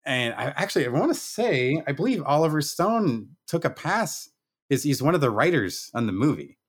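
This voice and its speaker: A man co-hosting a casual podcast, reviewing a movie in a relaxed, enthusiastic way. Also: a little high, normal speed, breathy edge. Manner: relaxed, enthusiastic, occasional swearing. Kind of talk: casual chat.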